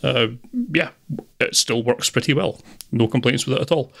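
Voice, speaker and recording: Hesitant man with a gravelly voice. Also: medium pitch, moderate pace, a bit bright. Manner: hesitant, many fillers and restarts. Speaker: podcast co-host, film reviewer. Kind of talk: casual podcast film review.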